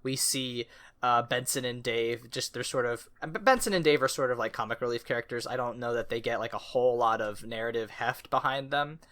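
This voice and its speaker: Male co-host, bright tone, loose rambling conversational delivery. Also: medium pitch, fairly quick. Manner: rambling, many fillers and restarts, laughs often. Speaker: podcast co-host. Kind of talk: casual chat.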